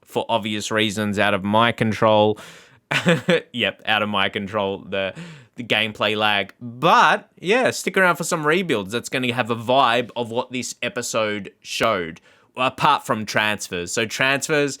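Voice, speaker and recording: A man talks through his game in loose, rambling commentary, laughing often between thoughts. His voice has a bright, forward edge that stays even in tone. He speaks directly to his viewers like a regular channel host. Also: on the low side, a little slow. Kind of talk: casual gameplay commentary.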